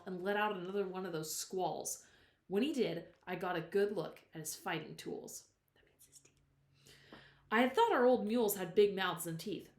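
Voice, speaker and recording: A woman reading a novel aloud with expression, who stops now and then to explain words to her listeners. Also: medium pitch. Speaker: storyteller. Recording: roomy echo.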